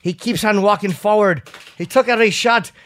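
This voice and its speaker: A man's voice: sits high, brisk, fairly bright tone, voice pushed up. A man doing a clumsy fake-Irish fighter impression. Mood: grudging admiration. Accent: Irish, badly imitated. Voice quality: exaggerated, clumsy mock accent. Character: brash Irish male fighter, cocky but grudgingly respectful.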